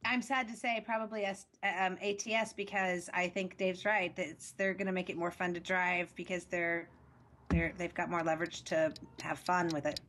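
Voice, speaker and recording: A woman's voice: on the low side, little pitch movement, moderate pace, a bit bright. Hesitant giggly woman panelist. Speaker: panelist, article editor. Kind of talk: casual panel chat.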